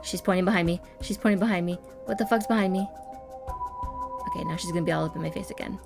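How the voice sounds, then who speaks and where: A woman's voice: lowish voice, quick pace, vocal fry, music in the background. A woman giving wry gameplay commentary, swearing freely as she plays. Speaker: let's play host.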